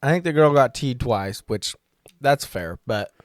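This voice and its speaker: A man in a casual podcast chat, giving calm, matter-of-fact opinions. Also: mid-range voice, a little slow, dry recording, studio quality. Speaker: podcast co-host.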